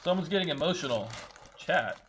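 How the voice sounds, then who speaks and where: A man's voice: on the high side, expressive, brisk, a bit bright, a little hiss or hum. A young man chatting casually on a trading livestream, swearing freely and talking to his chat. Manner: swearing, laid-back, talks to chat.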